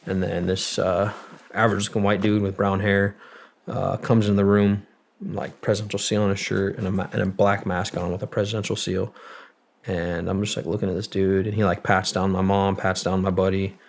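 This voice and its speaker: A man's voice: low voice, flat delivery, normal speed, gravelly. A young man, a military veteran and podcast guest, telling a story in a loose, profane way, full of "like" fillers. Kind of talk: casual storytelling.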